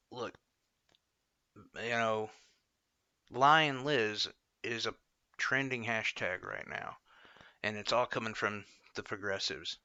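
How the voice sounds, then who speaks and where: A man's voice: medium pitch, pushed and bright, no room sound, highs cut off. A man hosting a casual political commentary show, opinionated and rambling, full of fillers and short laughs.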